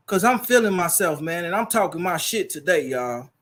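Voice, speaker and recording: A man's voice: sits high, expressive, normal speed, fairly bright tone. A man hosting his livestream, talking casually and preachily and repeating his phrases, into a laptop mic. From Chicago. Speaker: livestream host.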